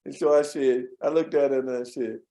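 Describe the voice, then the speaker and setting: Fairly quick and medium-pitched, a man being interviewed recounts offhand tales from a workplace he used to have. He laughs softly a lot, performs the voices of whoever he's quoting, and tends to repeat words as memories come back.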